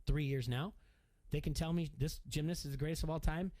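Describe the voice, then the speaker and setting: A middle-aged man co-hosting a sports radio show, talking in a rambling, animated way with many restarts. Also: a little high, a little fast. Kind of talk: casual sports talk.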